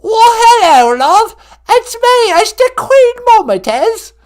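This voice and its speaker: Man doing a shrill, bossy old English royal granny, loud falsetto, all over the place. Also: big pitch swings, slow pace, exaggerated voice. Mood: scolding. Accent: put-on English. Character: shrill scolding elderly royal grandmother.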